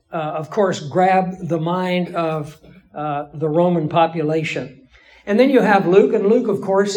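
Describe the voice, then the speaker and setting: A man lecturing a Bible class in a measured, explanatory way, with emphatic pauses. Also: sits high, a little mellow, poor audio. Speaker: Bible teacher.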